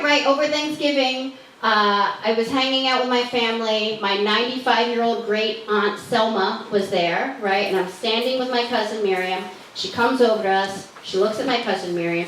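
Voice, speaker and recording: A woman's voice: fairly high pitch, moderate pace, fairly bright tone, slight background noise. A woman doing a stand-up routine, chatty and wry, swearing casually. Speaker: stand-up comedian. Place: comedy club stage. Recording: echoey room, distant mic.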